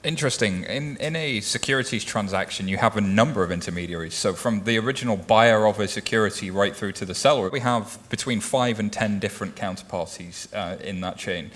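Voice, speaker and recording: A man's voice: lowish voice, fairly bright tone. A man in his thirties speaking on a conference panel, explaining things patiently with everyday comparisons. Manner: explanatory, uses everyday analogies.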